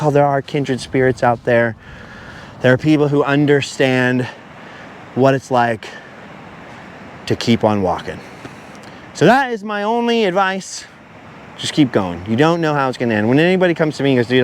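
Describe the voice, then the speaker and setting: A man's voice: on the high side, a little hiss or hum. A man vlogging as he walks along a beach outdoors, talking at length and wandering off topic as he goes. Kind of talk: rambling walk-and-talk monologue.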